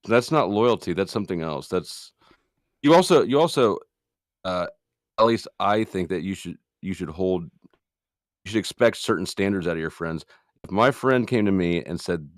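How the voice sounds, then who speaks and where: A middle-aged man on a livestream, arguing his opinions in a casual debate. His voice sits a bit low and he pushes his points insistently. The recording is dry and close. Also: animated, normal speed, no room sound. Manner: argumentative, opinionated. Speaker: stream guest.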